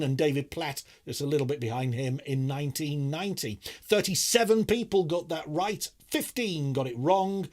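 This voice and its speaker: A middle-aged man hosting a live online quiz, reading questions with playful, self-mocking banter. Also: a little high.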